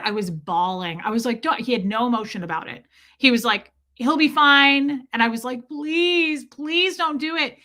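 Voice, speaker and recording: A middle-aged woman from the United States hosting a casual livestream, telling stories animatedly and greeting viewers from chat. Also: on the high side. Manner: chatty, animated storytelling, reads chat comments aloud. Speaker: livestream host.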